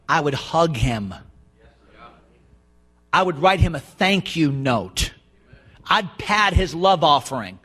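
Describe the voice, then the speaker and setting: A man preaching a sermon, emphatic and repetitive, swinging between soft and loud stretches. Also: on the high side, lively intonation, a little slow, long pauses, husky.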